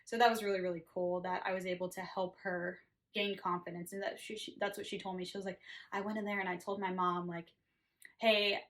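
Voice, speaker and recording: A woman's voice: fairly low pitch, flat delivery, brisk, a bit bright. A woman nurse telling a work story in an earnest, chatty way, with many fillers and restarts. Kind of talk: casual storytelling to camera.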